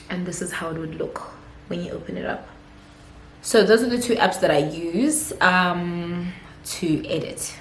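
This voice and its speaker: A woman's voice: on the low side, slight background noise. A young South African woman in her twenties answering viewer questions in a casual vlog, chatty and giggly with lots of fillers. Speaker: YouTuber. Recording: echoey room.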